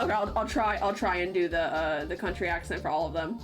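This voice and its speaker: A woman streaming a game live, reading the dialogue aloud in a playful, giggly way with quick asides, over game music. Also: on the low side.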